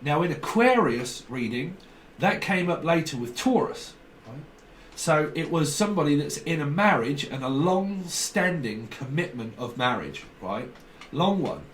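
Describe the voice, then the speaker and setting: A man's voice: fairly high pitch, expressive, unhurried, fairly bright tone. A man giving a casual spoken tarot reading, rambling and free-associating as he repeats words and jumps between ideas. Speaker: tarot reader. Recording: roomy echo, distant mic, faint background noise.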